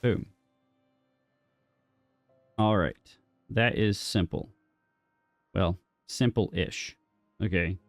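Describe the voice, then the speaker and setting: A lower-voiced man talks through his game at an unhurried pace, with a gravelly edge to his voice. He thinks aloud, cracks small jokes and chats to the game as if it could answer. The sound is dry and close, with no room around it. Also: dry recording, faint music behind. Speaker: gaming streamer. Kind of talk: casual gameplay commentary.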